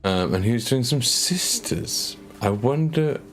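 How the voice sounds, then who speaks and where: A man's voice: mid-range voice, sing-song, unhurried, fairly bright tone, faint music behind. A man painting miniatures live on stream, chatting casually with his viewers in a rambling, self-mocking way with stammered repeats.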